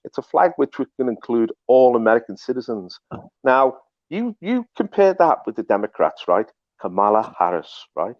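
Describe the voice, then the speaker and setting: A man hosting political commentary speaks emphatically, repeats himself and restarts often. His voice is medium-pitched with big pitch swings at a normal speed, and the recording is dull, dry and lo-fi.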